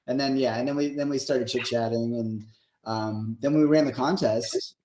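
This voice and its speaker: A man's voice: medium pitch, fairly even intonation, normal speed, mellow, slight background noise. Man, game developer, rambling storyteller, laughs a lot, echoey room. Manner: rambling, laughs while retelling. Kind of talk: casual storytelling.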